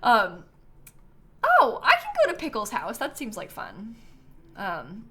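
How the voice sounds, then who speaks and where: A woman's voice: a little high, wildly swooping pitch, takes it slowly, bright, forceful tone. A young woman streamer chatting casually while playing a game, tired and yawning, with lots of ums and likes and frequent laughs. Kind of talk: casual live-stream gameplay chat.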